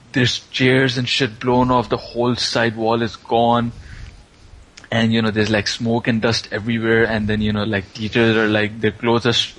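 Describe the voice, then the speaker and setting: A man's voice: mid-range voice, a bit bright, poor audio. A man casually recapping an anime plot, rambling with plenty of fillers. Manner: rambling, filler-heavy storytelling.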